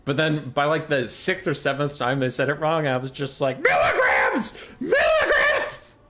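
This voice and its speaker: A man chatting casually on a live stream as a game caster, ranting, with swearing and bursts of loud exasperation. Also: on the high side, steady tone, fairly quick, heavy background noise.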